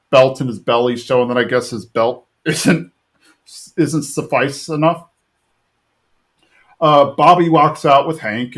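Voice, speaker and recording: A man hosting a podcast, casually recapping a cartoon episode in a rambling way with many fillers and restarts. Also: mid-range voice. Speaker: podcast host.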